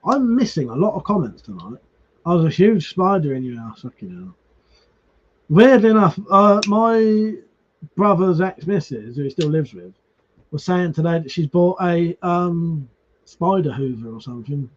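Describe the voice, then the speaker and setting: Male streamer, high voice, lively swings, dull lo-fi sound, casual swearing chat. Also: normal speed. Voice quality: swears freely, restarts words. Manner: talks to viewers by name. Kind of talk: casual live-stream chat reading comments.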